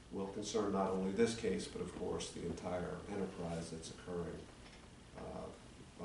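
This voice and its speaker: A man's voice: low voice, gravelly, darkish tone. A man in his sixties, an attorney, presenting a legal argument to a town commission in a formal public meeting. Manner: argumentative, building a legal case. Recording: echoey chamber, distant mic, faint hum.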